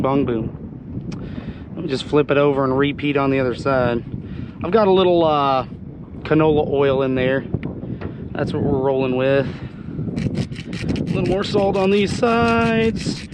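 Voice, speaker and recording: A man hosting a fishing vlog, talking casually while he cleans and cooks fish, hoarse as he loses his voice. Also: a little high, noisy background. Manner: chatty, exclaims often. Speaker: fishing channel host. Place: outdoors on a boat.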